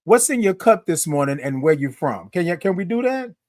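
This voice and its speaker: Lively chatty man hosting a morning show. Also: sits high, a little fast, no echo, clean studio sound. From Houston, Texas. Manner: lively, chatty, sings out greetings to viewers. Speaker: host. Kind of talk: live-streamed morning show chat.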